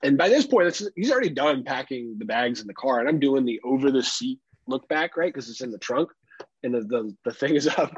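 A husky-voiced man co-hosts a podcast, spinning stories in a casual way and putting on the voices of the people in them. He laughs easily and swears freely. The sound is dry and a bit dull. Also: mid-range voice, brisk, no room sound. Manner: animated, acts out other people's lines, laughs often, swears casually. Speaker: podcast co-host. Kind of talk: casual storytelling chat.

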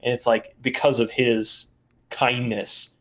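A man's voice: medium pitch, flat delivery, takes it slowly, crowd noise. Hesitant man thinking aloud. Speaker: podcast co-host. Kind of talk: casual chat discussing a film.

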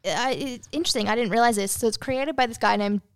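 A woman's voice: a little high, fast, smooth, no echo. A woman co-hosting a podcast, chatting casually about films and TV in a rambling way with plenty of fillers. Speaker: podcast co-host.

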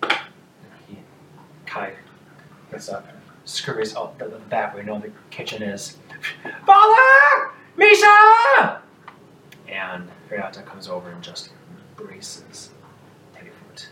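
A man's voice: on the low side, fairly even intonation, normal speed, bright, forceful tone. A male game master narrating a tabletop game in a casual, rambling way with frequent laughs. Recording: echoey room from a distance, noisy.

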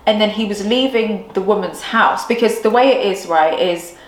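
A woman's voice: mid-range voice, normal speed. Woman gushing through a story on a podcast, lots of "like"s, echoey room. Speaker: podcast co-host. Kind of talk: casual chat. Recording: roomy echo.

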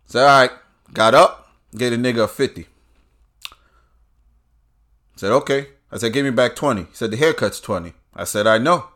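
A man in the middle of a profane monologue, his voice at an ordinary middle pitch. He jumps from loud, quick outbursts to slow, hushed asides as he goes. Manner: profane, animated, swings between loud bursts and low drawn-out asides. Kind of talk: political rant monologue.

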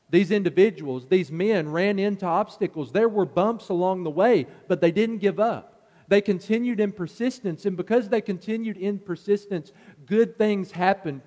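A man's voice: darkish tone, long reverb tail. A man preaching a sermon, earnest and rising in force as he drives his points home. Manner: earnest, builds in pitch and force on key points.

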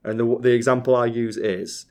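A man co-hosting a podcast, telling stories in an animated, swearing, ranting way. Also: medium pitch, moderate pace. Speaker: podcast co-host. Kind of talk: casual chat.

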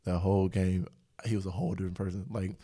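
A young man hosting a casual podcast conversation. His voice sits on the low side, and he drifts through stories with plenty of laughter. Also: steady tone, fast talker, warm tone, slightly rough. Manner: rambling storyteller, laughs often. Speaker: podcast host. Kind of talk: casual chat.

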